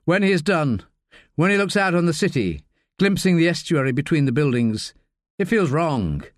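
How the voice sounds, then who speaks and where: A man narrating an audiobook in an expressive, measured storytelling manner. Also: a little high, no echo, clean studio sound.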